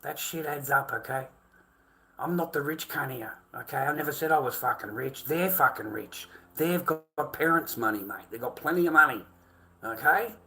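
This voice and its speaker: A man's voice: a little high, moderate pace, bright, forceful tone. Swearing Australian man ranting on stream. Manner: profane, swearing constantly, addresses viewers as mate and boys. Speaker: livestreamer. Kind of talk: livestream rant to chat.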